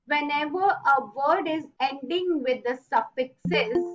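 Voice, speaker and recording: A woman teaching an online class, repeating rules slowly and stressing key words. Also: high voice, lo-fi sound. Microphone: online video call.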